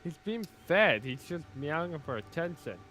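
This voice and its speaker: A man's voice: a little high, sing-song, moderate pace, fairly bright tone, a little hiss or hum, poor audio. A man streaming a co-op game, chatting casually with a friend, joking bluntly and swearing offhandedly. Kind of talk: casual gaming chat.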